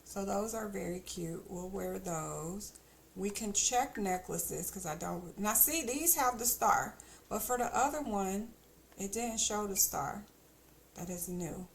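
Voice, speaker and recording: A woman streaming a game, talking to herself and her viewers in a loose, chatty way with playful asides. Her voice has a gravelly fry, and she takes her time. A faint hum of room ambience sits under her. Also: medium pitch, slow pace. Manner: chatty, thinking aloud, teasing asides. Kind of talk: casual gameplay commentary.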